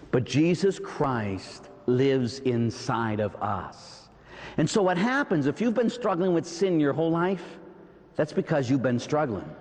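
Animated Pittsburgh priest preaching. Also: male voice, fairly high pitch. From Pittsburgh, USA. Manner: animated preaching with rhetorical questions and asides. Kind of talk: sermon. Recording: long reverb in a large hall.

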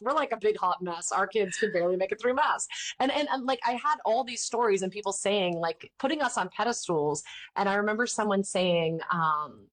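A candid, chatty woman in her thirties, answering interview questions in a mid-range voice. She tells her stories with lively quoted lines and a frank, unfiltered manner. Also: medium pitch, a little fast. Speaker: podcast host and ministry founder. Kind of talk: casual interview chat.

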